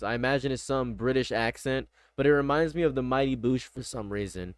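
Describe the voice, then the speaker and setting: A man's voice: mid-range voice, brisk, few pauses, clear, resonant tone, dry recording. A man streaming casual reaction commentary, blunt and rambling, often repeating himself.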